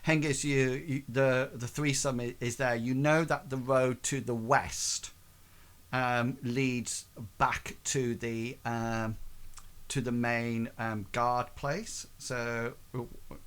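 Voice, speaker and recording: Game master, male, mid-pitched, halting delivery full of restarts. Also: steady tone. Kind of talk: narrating a tabletop game.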